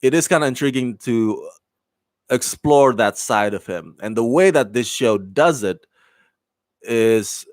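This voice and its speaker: A man talks through a show review in a loose, rambling way, full of ums and restarts. His voice sits at an ordinary middle pitch, and he laughs easily and stays upbeat. The sound is dry and close, with no room around it. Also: expressive, unhurried, no echo. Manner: rambling with many fillers and restarts; enthusiastic, laughs often. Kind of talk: casual review commentary.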